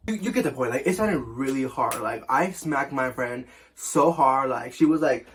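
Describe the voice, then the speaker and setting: A man's voice: mid-range voice, expressive, normal speed, very noisy. A young man telling a casual storytime as a vlogger, chatty and full of fillers, swearing often.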